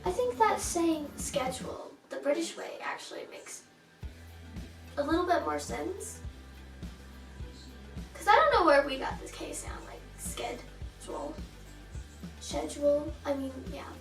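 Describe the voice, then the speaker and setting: Chatty high-voiced girl vlogging. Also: lively intonation, unhurried, creaky, long pauses. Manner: chatty, rambling, with fillers and repeats. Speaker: channel host. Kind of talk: casual vlog chat. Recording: roomy, distant mic, faint music.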